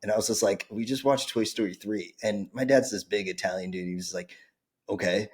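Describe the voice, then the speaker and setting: A man's voice: lowish voice, brisk, slightly rough. A man in his thirties telling stories in a casual podcast chat, acting out the people in them. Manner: animated storyteller, acts out family voices.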